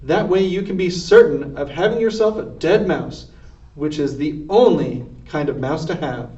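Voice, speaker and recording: A loud, harsh kitchen cook barking orders, put on by a male reader. Every word comes out as a shout from across an echoey room, and the sound is dull and lo-fi. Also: a little high, expressive, moderate pace, lightly acted. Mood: bossy. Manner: shouting commands. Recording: distant roomy lo-fi recording.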